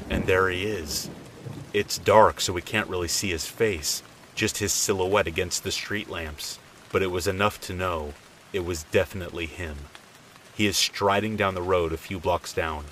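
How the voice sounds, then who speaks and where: A man telling a true scary story in calm, measured scripted narration, dropping low and quiet for the quoted lines. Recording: faint rain noise behind.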